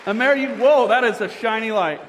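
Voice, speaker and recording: A man emceeing a pageant, joking playfully and quizzing the audience as he warms up the crowd. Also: very high-pitched, fairly quick. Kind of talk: crowd warm-up banter. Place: large indoor auditorium. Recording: reverberant hall with crowd noise.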